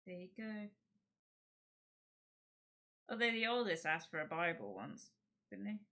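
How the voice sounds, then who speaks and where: Giggly woman streamer, bright voice. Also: mid-range voice, big pitch swings, measured pace. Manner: rambling, giggly, self-interrupting. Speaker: streamer host. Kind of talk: casual chat on a livestream.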